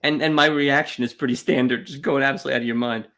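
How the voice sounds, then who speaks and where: A man co-hosting a casual comedy podcast, telling stories with loud, exasperated bursts. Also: mid-range voice, fast talker. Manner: animated storytelling, swings into loud exasperated bursts. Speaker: podcast co-host.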